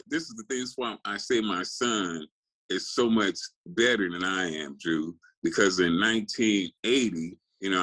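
A man's voice: deep voice, bright, forceful tone, poor audio. A man in his sixties from California, a guest telling rambling, profane stories in casual interview chat.

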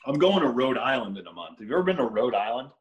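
A man's voice: mid-range voice, sing-song, fast. Casual guy in an echoey room. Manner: casual, full of filler "like". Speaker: podcast co-host. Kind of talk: casual chat.

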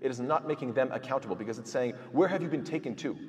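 A man teaching Quran commentary, asking rhetorical questions and reciting Arabic verses quickly. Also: mid-range voice, a little mellow. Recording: long hall reverb.

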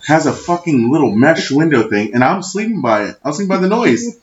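A man co-hosting a casual podcast, telling profane stories in an animated way and shouting when he quotes himself. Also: fairly high pitch, a little fast. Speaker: podcast co-host. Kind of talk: casual chat, storytelling. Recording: echoey room, dull lo-fi sound.

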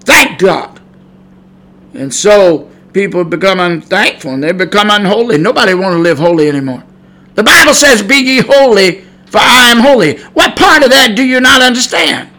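Middle-aged podcast preacher guy, high sharp voice, gets loud and fiery then goes chatty. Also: lively intonation, moderate pace, poor audio. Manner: fiery, rising to shouts on warnings, then chatty asides. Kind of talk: preaching sermon. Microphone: podcast mic.

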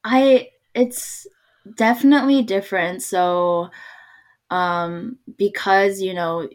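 A woman's voice: mid-range voice, steady tone, slow. A woman born in Korea, talking casually and animatedly, laughing often and using many fillers. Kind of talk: casual chat.

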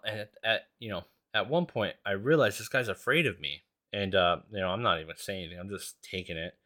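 A man's voice: lowish voice, a little fast, hardly any pauses, pushed and bright. A man hosting a podcast, telling a long story in a casual, rambling and profane way. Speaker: podcast host.

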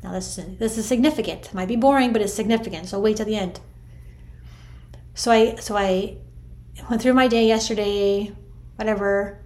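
A middle-aged woman telling viewers a personal spiritual story in a chatty, animated way, full of "like" and "I'm like". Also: medium pitch, moderate pace, pauses often. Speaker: vlogger sharing a spiritual story.

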